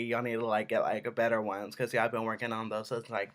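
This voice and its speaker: A man's voice: lowish voice, level tone, fast talker, hardly any pauses, fairly bright tone. A young man ranting in an exasperated vlog, swearing and saying "like" a lot. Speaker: vlogger.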